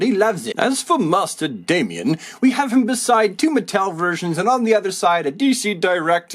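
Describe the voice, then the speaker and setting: Animated, higher-voiced man reviewing toys. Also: slightly rough. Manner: chatty, enthusiastic, joking asides. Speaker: toy reviewer. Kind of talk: casual action figure review.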